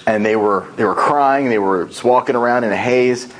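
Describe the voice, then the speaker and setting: A man giving a tall-tale speech at a speaking club, telling it in an animated storytelling manner. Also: mid-range voice, normal speed, poor audio.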